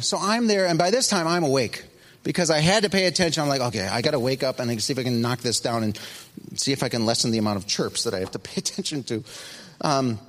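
A middle-aged man preaching a sermon, telling a story with big swings between loud excitement and hushed asides. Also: fairly high pitch. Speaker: pastor.

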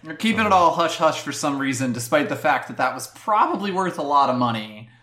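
Man, lively pitch, wry asides, co-host. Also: fairly quick. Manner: wry short interjections. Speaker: podcast co-host. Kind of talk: casual chat.

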